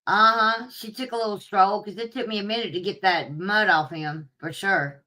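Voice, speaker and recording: A woman telling a story to her viewers in a casual, animated way, swearing freely and laughing at herself. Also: medium pitch, normal speed. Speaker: streamer talking to live chat.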